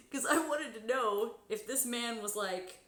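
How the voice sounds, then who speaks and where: A woman telling a story in casual chat while sewing on a live stream, swearing freely and bursting into loud, high exclamations. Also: takes it slowly. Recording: echoey room.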